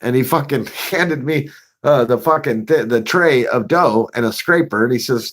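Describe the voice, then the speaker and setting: A man's voice: mid-range voice, moderate pace. A man spins a casual, profanity-laced yarn on his own show. He laughs as he goes and acts out what happened, with a voice in the middle of the usual male range. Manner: profane, laughing, animated retelling. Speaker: vlogger. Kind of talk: casual storytelling.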